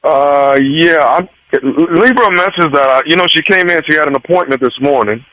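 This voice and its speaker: A man's voice: fairly high pitch, moderate pace, pushed and bright, no room sound, pitched above the performer's own voice, low-quality recording. A stammering, hesitant doctor, played by a man, calling with an oddly familiar tone. The sound is dry and close. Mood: sheepish. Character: awkward creepy male gynecologist on a prank call. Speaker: prank caller.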